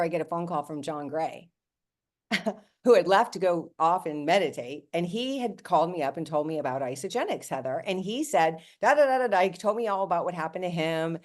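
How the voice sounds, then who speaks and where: During a team call, a fifty-something woman who heads a network marketing team tells her story with plenty of animation and chatter, acting out quotes and speaking straight to everyone listening. Her voice runs on the low side, and she moves fairly quickly.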